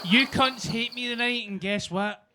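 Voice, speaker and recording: Slow-talking comedy host. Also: male voice, extremely high pitch, heavy background noise. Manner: loud, joking, sweary banter with the crowd. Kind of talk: introducing acts. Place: basement comedy club.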